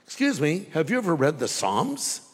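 Man, pastor, sermon, high voice, rhetorical questions, long hall reverb. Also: huge pitch swings, breathy edge. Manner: preaching with dramatic pauses and rhetorical questions.

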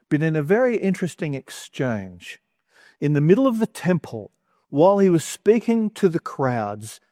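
A man preaching a sermon in a conversational way, with wry asides and animated emphasis. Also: fairly high pitch, no room sound, studio quality.

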